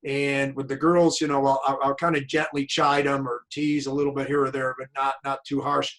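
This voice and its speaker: Male host, conversational storyteller, average pitch, video call. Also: level tone, a little fast, fairly bright tone, rough recording. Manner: chatty, tells anecdotes. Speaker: host and tennis coach. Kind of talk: casual interview chat.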